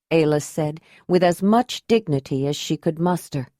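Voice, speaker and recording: A woman reading an audiobook in an even, measured narration voice. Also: low-pitched, no room sound, studio quality. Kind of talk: scripted narration.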